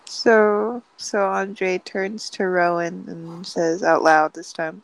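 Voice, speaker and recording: A woman's voice: fairly low pitch, level tone, takes it slowly, vocal fry, hardly any pauses, dry recording, poor audio. A woman player in a tabletop game, speaking hesitantly with many ums and a wry tone. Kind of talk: tabletop game role-play.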